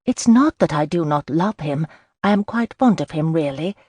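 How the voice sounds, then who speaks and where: A woman's voice: low-pitched, expressive, moderate pace, dark tone, husky, no echo. A woman voicing a frank, fretful young Regency bride in an audiobook, talking in an earnest, somewhat defensive way. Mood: uncertain. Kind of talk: audiobook character voice.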